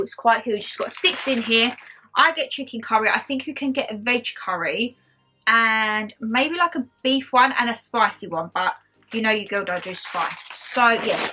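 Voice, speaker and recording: A woman's voice: a little high, sharp tone, slight background noise. A young woman with a mixed Essex and Geordie accent, chatting casually to camera about her shopping haul in a bubbly, rambling way. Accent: mixed Essex and Geordie English. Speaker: haul vlogger.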